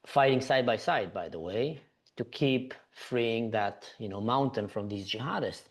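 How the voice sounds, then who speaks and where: A man's voice: mid-range voice, unhurried. A man from Israel, a podcast guest, earnestly recounting events with frequent "you know" fillers.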